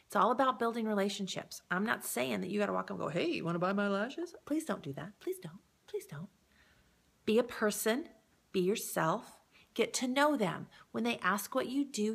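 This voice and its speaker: Speaking in a mid-range, fairly bright voice, a woman presents casual sales training for direct sales. She stays upbeat and encouraging, chatting right to the viewer and regularly checking in with them.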